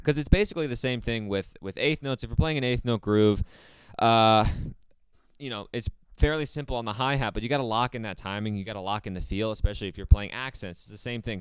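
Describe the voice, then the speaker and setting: A man giving a casual drum lesson in a relaxed way, with plenty of fillers and repeated phrases. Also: fairly low pitch, smooth, dry recording. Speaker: drum teacher. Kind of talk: casual instructional talk.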